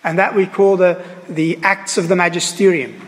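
High-voiced preacher in an echoing church. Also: male voice, steady tone. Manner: earnest, halting, repeats phrases with many fillers. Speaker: priest. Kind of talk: sermon.

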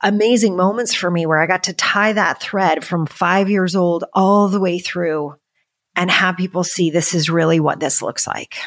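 A woman's voice: lowish voice, steady tone, normal speed. A middle-aged woman telling personal stories as a podcast guest, emotional and laughing as she talks. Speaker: podcast guest, business mentor. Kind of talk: casual storytelling interview.

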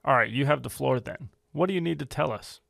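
A man playing an investigator questioning diner staff with brisk, commanding questions. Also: mid-range voice, vocal fry, a bit bright, no room sound, clean studio sound. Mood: brusque.

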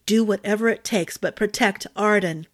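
A woman voicing an elderly grandfather who speaks in a forceful, urgent way. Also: mid-range voice, normal speed, no echo, clean studio sound, lightly acted. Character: elderly grandfather, commanding and anxious.

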